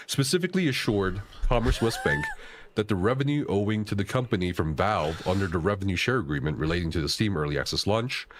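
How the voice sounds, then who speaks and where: A man on a livestream reading out a lawsuit and paraphrasing it in a measured, casual way. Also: low voice. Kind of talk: reading documents aloud with commentary.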